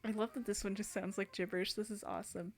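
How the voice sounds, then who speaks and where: A woman's voice: medium pitch, steady tone, fast talker. A young woman hosting a gaming channel, chatting casually over gameplay, rambling with many fillers and restarts.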